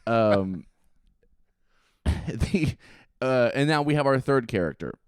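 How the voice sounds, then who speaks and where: Man, podcast co-host, sarcastic, animated, swearing, dry close mic. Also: mid-range voice, takes it slowly, smooth, no echo. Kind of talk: casual chat recapping a movie.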